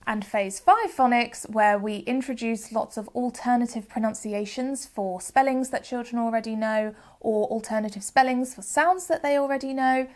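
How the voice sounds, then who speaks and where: Uk woman teaching phonics, slightly high voice, patient and clear, says sounds out slow. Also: a little mellow. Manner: clear, patient explaining, demonstrates sounds slowly. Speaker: phonics teacher and channel host. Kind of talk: educational video lesson.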